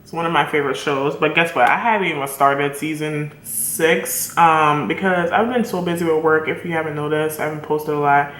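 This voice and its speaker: Bright, chatty woman vlogger in an echoey room. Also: low voice, steady tone, a little fast, hardly any pauses, a little hiss or hum. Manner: chatty and enthusiastic, addresses viewers directly. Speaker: beauty vlogger. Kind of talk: casual makeup tutorial chat.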